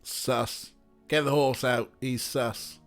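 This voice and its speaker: A man's voice: mid-range voice, fairly even intonation, takes it slowly, a bit bright, faint music behind. A man hosting a let's play, joking and thinking aloud as he plays an adventure game. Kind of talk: casual gaming commentary.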